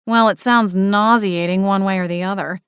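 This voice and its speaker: A woman's voice: medium pitch, steady tone, moderate pace, a bit bright, clean tone, no room sound, lightly acted. A woman voicing a sardonic male ghost cat with a dry manner. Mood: disgusted.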